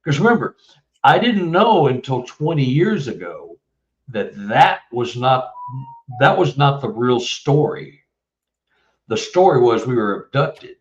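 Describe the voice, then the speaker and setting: A man in his seventies from Texas, telling a long story as an interview guest, rambling and restarting often. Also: medium pitch. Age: 70s. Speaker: guest author. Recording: distant, muffled, roomy mic.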